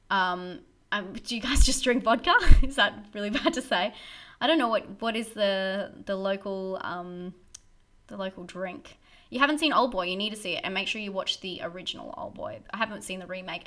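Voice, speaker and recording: A woman's voice: medium pitch, pushed and bright. A young woman hosting a casual live-stream Q&A about horror films, chatty and giggly, rambling with lots of fillers and restarts. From Australia.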